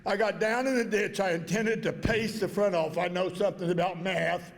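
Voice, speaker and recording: A man's voice: sits high, fairly even intonation, normal speed, in a large hall. An older man, telling a story in a plain-spoken, folksy way as he gives a speech at an awards dinner. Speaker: inductee giving a speech. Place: banquet hall.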